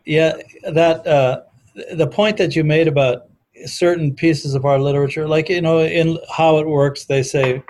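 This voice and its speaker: Man, higher-pitched, thoughtful talker who quotes texts from memory. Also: steady tone, a little slow, darkish tone, a little hiss or hum. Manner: thoughtful, quotes literature from memory, frequent restarts. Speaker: discussion guest on recovery history. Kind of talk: casual conversation.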